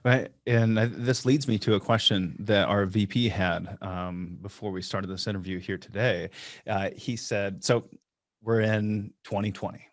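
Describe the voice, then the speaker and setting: A man's voice: fairly low pitch, fairly even intonation, measured pace, dry recording, studio quality. A man hosting an interview podcast, telling a story about clients and asking his guest questions in a casual way. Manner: storytelling, retells client talk. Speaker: podcast host.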